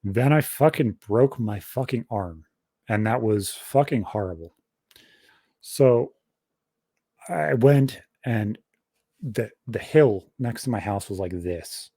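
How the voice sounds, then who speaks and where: A man's voice: on the low side, slow pace, long pauses, slightly rough, no room sound, clean studio sound. A young man casually telling a long story on a podcast, swearing constantly and rambling through details. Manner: profane, rambling, animated storytelling. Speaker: podcast host.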